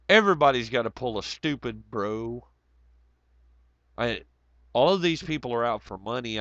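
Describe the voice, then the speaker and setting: A man rambles through a late-night livestream, sardonic and profane, his voice hoarse and worn down. Underneath the strain the tone stays smooth and even. The recording is dry and a little dull, as from a basic home mic. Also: fairly low pitch, no echo. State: hoarse, voice nearly gone. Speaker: livestream host. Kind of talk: casual livestream chat.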